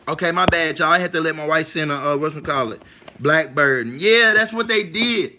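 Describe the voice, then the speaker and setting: A man with a fairly high voice speaks a little quickly over heavy background noise. He's hosting a livestream, delivering a casual monologue with emphasis and repetition, and he keeps checking whether his listeners follow him.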